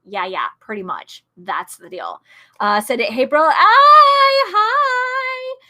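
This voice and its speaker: During a stream, a middle-aged woman serving as streamer and guest says hello to her audience in easygoing, bubbly chat full of laughter. She sounds very animated, at medium pitch and a moderate pace, with a sharp tone.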